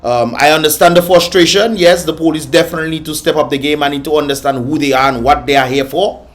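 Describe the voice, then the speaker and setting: A man's voice: fairly high pitch, steady tone, fast talker. A man hosting a reaction vlog, scolding and mocking with frequent laughter. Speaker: vlog host reacting to videos. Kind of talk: reaction commentary.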